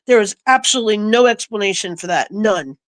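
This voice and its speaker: A woman recounting a personal story in a casual, animated way, acting out the voices she quotes. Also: medium pitch, brisk, no echo. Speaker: guest.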